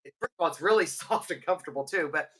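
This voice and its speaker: A woman in her fifties co-hosts a casual chat, spinning a story with plenty of laughter. Her voice is bright and clear. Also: low voice, very fast. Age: 50s. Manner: animated storyteller, laughs often. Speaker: podcast co-host.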